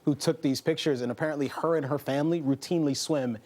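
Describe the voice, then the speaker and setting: A man on a TV panel making dry, slightly halting asides. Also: fairly high pitch, steady tone, a little mellow. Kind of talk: TV panel discussion.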